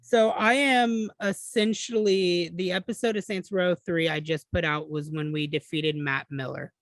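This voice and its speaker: A man with a fairly high voice talks casually about games as a podcast co-host. He sounds relaxed and chatty, swears now and then, and is recorded dry and close with no room sound. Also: a little slow, no room sound. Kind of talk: casual gaming chat.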